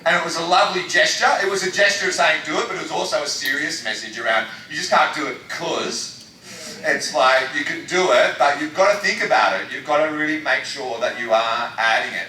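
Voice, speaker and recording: A man's voice: a little high, fairly quick, pushed and bright. An Australian man talking about his acting work on a convention panel, rambling with lots of restarts. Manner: rambling, enthusiastic, many restarts. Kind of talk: casual panel talk. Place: large convention hall. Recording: echoey hall recorded from far off.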